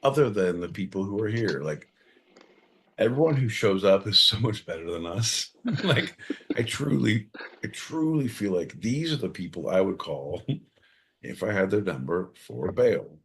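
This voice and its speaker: A man co-hosting a podcast in casual comedic banter, loud and profane with sudden bursts of energy. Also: lowish voice, lively intonation, measured pace, slight background noise. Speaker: podcast co-host.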